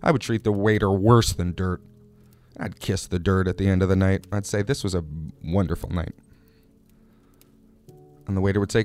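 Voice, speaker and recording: A man's voice: low voice, fairly even intonation, moderate pace, pauses often, darkish tone, soft background music. A man hosting a comic radio show, delivering an absurd monologue with a drawling, playful manner. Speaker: host.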